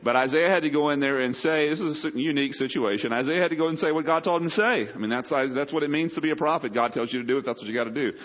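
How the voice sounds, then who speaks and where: A man's voice: medium pitch, fast talker, muffled recording. A man preaching a sermon as a pastor, talking in a conversational way with joking asides to the congregation.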